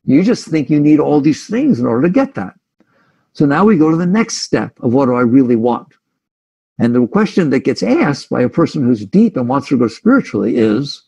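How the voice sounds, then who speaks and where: A man's voice: mid-range voice, very animated, moderate pace, creaky, dark tone, husky. A man giving a reflective, conversational spiritual talk as a teacher, sometimes speaking his listeners' inner thoughts aloud.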